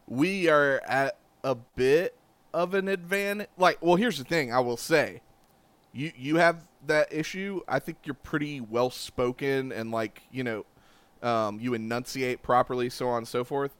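A man's voice: medium pitch, unhurried, a bit bright, clear, resonant tone, no echo. A man with a slight Southern twang co-hosting a sports podcast in laid-back, joking casual chat. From Charlotte area. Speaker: podcast co-host.

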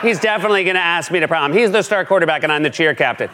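A man's voice: a little high, racing, a crowd in the background, background noise, close to an everyday voice. A man doing a gossipy teenage-girl take on a female political adviser, talking in a giddy way.

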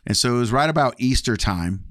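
A guest tells his personal testimony in a candid, casual manner, switching voices to act out past conversations. His medium-pitched voice is animated, a little fast and a bit bright, captured cleanly in a studio with no room sound.

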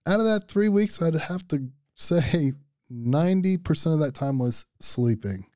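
A man in his fifties with a mellow, dark tone tells a story with animated exasperation. His voice is dry and close to the mic. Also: fairly high pitch, a little slow, dry recording. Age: 50s. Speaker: podcast guest. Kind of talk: casual storytelling.

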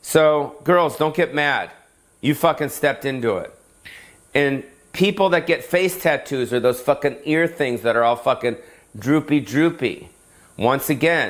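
A man doing a comedic, profane rant straight to his viewers, rambling from point to point with jokey asides. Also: mid-range voice. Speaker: comedian hosting a weekly rant show.

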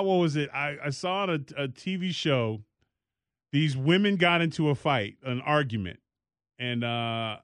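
A man co-hosting a casual talk show, telling stories in an animated way and slipping into high mock voices. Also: clear, resonant tone, no room sound. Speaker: podcast co-host. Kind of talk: casual chat.

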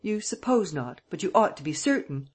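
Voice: medium pitch, very animated, moderate pace, slightly rough, pitched above the performer's own voice. A reader voicing a flustered, blustering police sergeant who questions hotel staff, in an audiobook. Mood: pressing. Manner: blustering and undecided, raising the voice.

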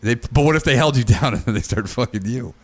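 A man's voice: medium pitch, animated, fast. A man co-hosting a podcast, joking crudely and laughing often. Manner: joking, laughs often, slips into silly voices. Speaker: podcast co-host. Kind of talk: crude comedic banter.

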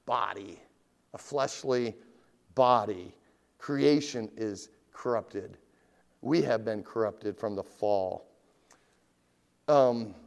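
A man preaching a sermon, swinging between loud rising questions and low quiet asides, and reading scripture in a heightened, drawn-out voice. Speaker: pastor.

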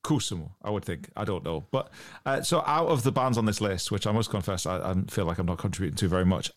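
Low voiced guy, halting and hesitant, casual chat. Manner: hesitant, many fillers and restarts. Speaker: podcast co-host.

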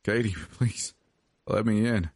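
A man voicing a protective young man in a horror story, gentle and pleading, close to his own low voice. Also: moderate pace, no echo.

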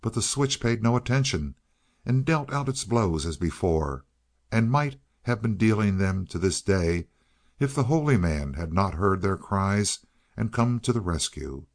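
A man reading a fairy tale aloud in a measured, expressive way. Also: on the low side. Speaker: audiobook reader.

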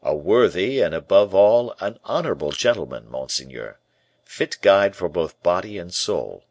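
A man reading the part of a calm, guarded male bishop who answers in slow, grave, measured replies. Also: deep voice, no echo.

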